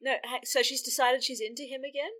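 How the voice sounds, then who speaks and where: Wry, bright-voiced woman making dry quips. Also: high-pitched, fairly even intonation, fast talker. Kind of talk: casual chat.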